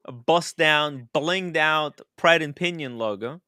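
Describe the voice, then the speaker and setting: Male livestream host, fairly high bright voice, very dry close sound, animated and swearing. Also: slow pace, smooth, dry recording. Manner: animated, laughing, swearing freely. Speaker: livestream host reading super chats. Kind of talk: casual livestream chat.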